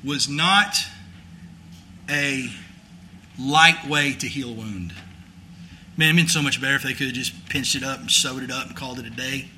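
A man's voice: mid-range voice, moderate pace, long pauses, sharp tone, slight background noise. A man preaching a sermon in a folksy, conversational storytelling way, rising to emphatic preaching. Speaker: pastor.

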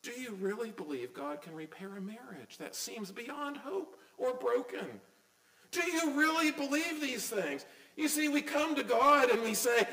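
A man's voice: high voice, very animated, a little slow, fairly bright tone, roomy sound, poor audio. A middle-aged man preaching a sermon as a pastor, earnest and emphatic, with many rhetorical questions.

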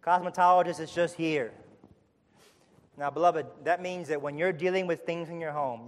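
Impassioned preacher with a soaring voice. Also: male voice, fairly even intonation, moderate pace, in a large hall. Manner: builds to loud emphatic peaks, repetitive rhetorical cadence, then drops low and quiet. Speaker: pastor. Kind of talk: sermon.

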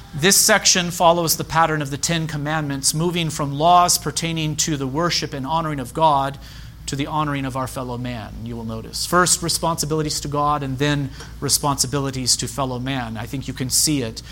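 A man preaching a sermon as pastor, measured and emphatic, repeating key phrases. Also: fairly high pitch, fairly even intonation, sharp tone, a little hiss or hum.

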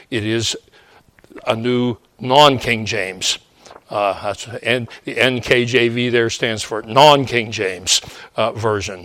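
Slow, measured preacher man teaching. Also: medium pitch, fairly bright tone, dry recording, studio quality. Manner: digressive, frequent "uh" and "okay?" checks. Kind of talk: sermon teaching.

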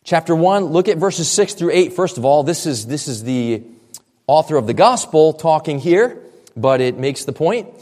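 A man's voice: fairly high pitch, expressive, moderate pace, darkish tone, long reverb tail. A man preaching a sermon, earnest and expository, often repeating points for emphasis. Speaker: pastor.

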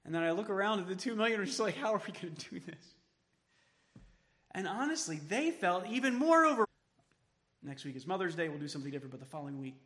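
A man preaching a sermon as pastor, emphatic, then dropping to soft tones for quoted words of comfort. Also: sits high, sing-song, quick pace, in a large hall. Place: church sanctuary.

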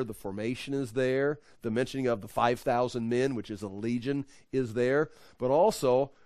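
A man teaching a Bible study in a conversational way, acting out the people in the story with lively voices. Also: mid-range voice, no room sound. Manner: conversational, acts out quotes with animated voices.

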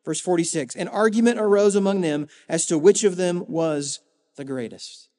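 A man preaching a sermon as a pastor, earnest, with rhetorical emphasis and dramatic pauses. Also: high voice, warm tone. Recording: long hall reverb.

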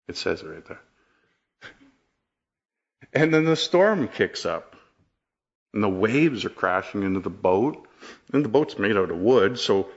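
A man's voice: medium pitch, muffled recording. A man preaching a sermon, telling stories and asking rhetorical questions. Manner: storytelling, animated, rhetorical questions.

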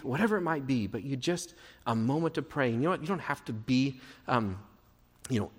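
A man's voice: mid-range voice, a little fast, husky. Man preaching in a reverberant church. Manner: conversational, encouraging, acts out sample prayers. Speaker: pastor. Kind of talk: sermon.

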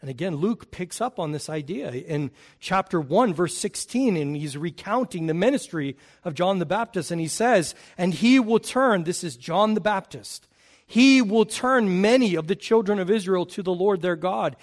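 Emphatic male preacher, slightly high voice. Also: animated, normal speed. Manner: emphatic, rises and falls in pitch and volume. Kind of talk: sermon.

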